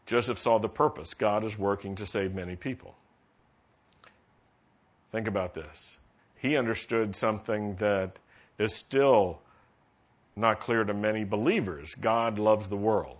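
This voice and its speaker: A man's voice: fairly low pitch, a little slow, pauses often. A male pastor preaching a sermon and asking the congregation questions to draw them in. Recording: dull lo-fi sermon recording.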